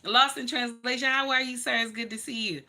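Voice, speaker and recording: A woman's voice: fairly high pitch, steady tone, fairly quick, pushed and bright. A woman hosting a livestream and telling her own story to viewers, blunt, emphatic and profane, calling her listeners honey. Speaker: livestream host.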